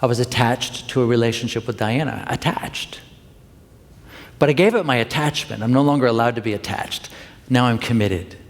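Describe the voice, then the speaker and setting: A minister preaching in a reverberant hall. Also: male voice, mid-range voice, fast. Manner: conversational, confessional, with playful asides to the congregation. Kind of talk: Sunday talk sermon. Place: church sanctuary.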